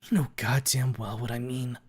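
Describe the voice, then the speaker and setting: A man's voice: medium pitch, level tone, normal speed, a little mellow, husky, lightly acted. A man reading aloud and voicing a cold, vicious male dinosaur in a harsh whisper, as whispered role-play.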